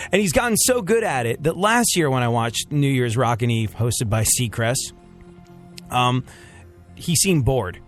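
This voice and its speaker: A man co-hosting a radio show, joking in casual banter with sarcastic asides and lots of fillers. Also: medium pitch.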